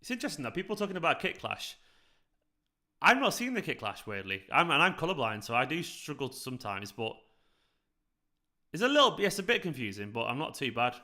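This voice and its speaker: A man hosts a live football watchalong in a bright, forward voice. He chats loosely with his viewers and breaks off to react to the match. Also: fairly high pitch, sing-song, fairly quick. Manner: chatty, reacts to the match while answering viewers. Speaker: fan channel host.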